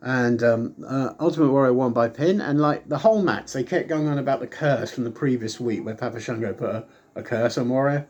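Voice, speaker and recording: A man's voice: medium pitch, fairly quick, dull audio. Chatty man rambling through a review. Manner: chatty, rambling with frequent ums; animated, acts out quoted lines. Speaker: wrestling show reviewer. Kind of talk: casual retelling review.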